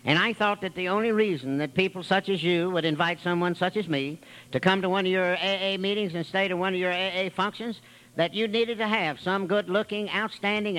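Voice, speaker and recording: Here a man with a high-pitched, slightly bright voice gives storytelling testimony at a recovery meeting, folksy and wry, stacking up long lists. The recording is low quality.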